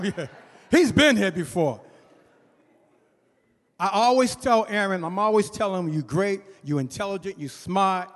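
A man leading a church service, praising the speaker and introducing a young man. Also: sits high. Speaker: youth minister. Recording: reverberant church hall with crowd.

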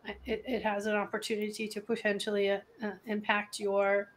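A woman coach with a mid-range voice, speaking thoughtfully in a relaxed chat. She works through her points and explains them carefully. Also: medium pitch, fairly quick, a little hiss or hum. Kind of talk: casual chat.

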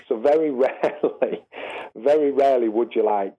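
A man's voice: fast, breathy edge. A man, a former footballer, telling dressing-room stories and acting out the voices of people he quotes. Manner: animated, acts out quotes with rising pitch. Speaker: former footballer, podcast guest. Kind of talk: anecdotal storytelling. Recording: phone-line quality audio.

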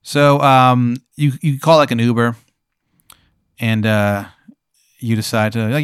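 A man running an improvised scenario as game master, talking in a loose, rambling way full of fillers. His voice is smooth and mid-pitched, recorded close and dry. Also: level tone, takes it slowly, pauses often, no echo. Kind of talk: improvised storytelling.

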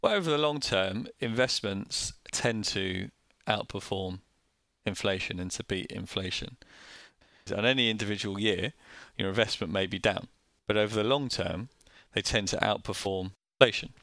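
A man's voice: on the low side, moderate pace, vocal fry, sharp tone, no echo. A man with a Northern English accent, co-hosting a casual chat and explaining things in plain, joking terms. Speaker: co-host.

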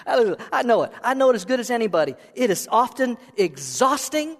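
A man's voice: extremely high pitch, expressive, unhurried. A middle-aged man preaching a sermon as pastor, conversational and playful, asking his listeners questions. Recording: reverberant hall sound.

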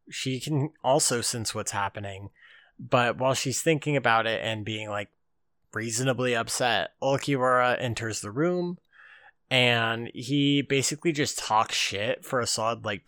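Slow, bright-voiced man recapping anime. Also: mid-range voice, no room sound, clean studio sound. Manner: rambling with lots of fillers and swearing. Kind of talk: casual episode recap.

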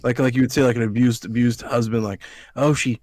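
A man's voice: mid-range voice, flat delivery, fast talker, dark tone, no room sound. Man telling a rambling, profane story. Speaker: podcast host. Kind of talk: casual chat.

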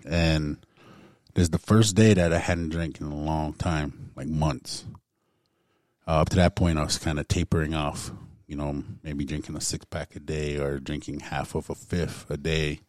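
A man's voice: rumbling low, steady tone, normal speed, a little mellow, no room sound, studio quality. A man casually telling a personal story to a group, laid back and full of "man" and "like". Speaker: guest storyteller.

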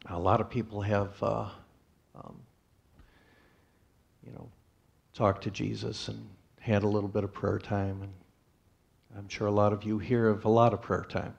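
A man gives his testimony in a church in a low, rough, gravelly voice. He tells his story plainly, pausing and restarting as he goes. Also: flat delivery, darkish tone, muffled recording. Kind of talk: personal testimony to a congregation.

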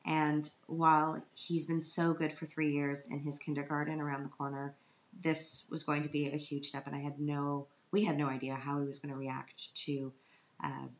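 In a low-pitched voice with little pitch movement, a woman in her thirties tells her vlog audience a story about her child at normal speed. She's dramatic, self-mocking and on the verge of tears, and the lo-fi sound is roomy and dull.

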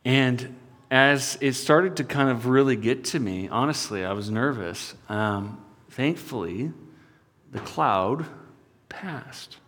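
A male pastor preaching a sermon, telling a personal story and swinging from loud appeals to hushed asides. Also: medium pitch, slow. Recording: long hall reverb.

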